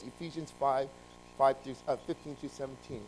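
A man preaching, telling a long story with lively ups and downs of loudness and frequent restarts. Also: medium pitch, moderate pace, a little hiss or hum, poor audio. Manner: animated, jumping between loud emphasis and quiet asides. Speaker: pastor. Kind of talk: sermon with storytelling.

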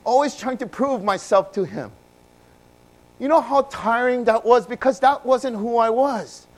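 A man from Hawaii, telling his own story in a sermon and swinging between loud bursts and hushed passages. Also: very high-pitched, a little slow, poor audio.

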